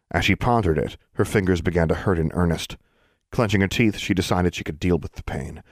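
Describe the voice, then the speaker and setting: A man narrating an audiobook in a steady, measured reading. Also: low-pitched, no echo, studio quality. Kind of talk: scripted narration.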